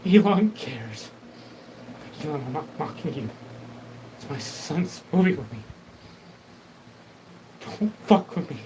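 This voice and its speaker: A man's voice: fairly high pitch, animated, unhurried, pauses often, a little mellow, a little hiss or hum, rough recording. A man hosting a solo show, talking in a rambling, profane monologue and acting out quoted back-and-forth exchanges. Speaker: host.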